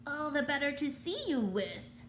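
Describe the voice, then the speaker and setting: A woman's voice: sits high, expressive, a little slow, fairly bright tone, roomy sound, a little hiss or hum, voice pushed up. A woman voicing a sneaky, hungry male wolf with a growly, sly way of talking in a storybook reading.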